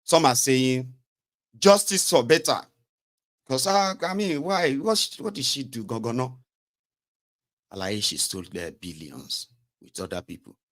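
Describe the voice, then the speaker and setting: Animated, sarcastic Nigerian man. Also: medium pitch, normal speed. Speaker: commentator. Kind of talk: casual political commentary.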